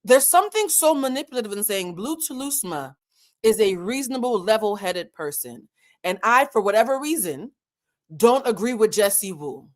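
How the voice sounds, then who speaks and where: A woman delivers a heated commentary straight to her audience in a middle-pitched voice. She lectures with conviction and keeps firing pointed rhetorical questions at her listeners. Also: big pitch swings, moderate pace. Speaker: commentary channel host. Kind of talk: direct-to-camera commentary rant.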